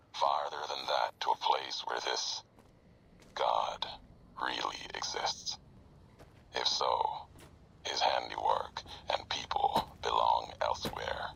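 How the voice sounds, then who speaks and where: An actor playing a bitter, brooding former courier in a game, giving a slow, grim, haunted monologue in a whisper. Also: male voice, a bass voice, a bit bright, exaggerated voice, rough recording. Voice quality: gravelly, grim.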